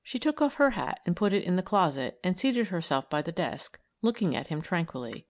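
A woman narrating a novel in a measured, even storytelling manner. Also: lowish voice. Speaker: audiobook reader. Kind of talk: scripted narration.

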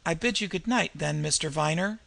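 A man voicing a cool, sardonic gentleman adventurer who speaks curtly and pleasantly. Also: a little high, a little fast, gravelly, no room sound. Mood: polite menace.

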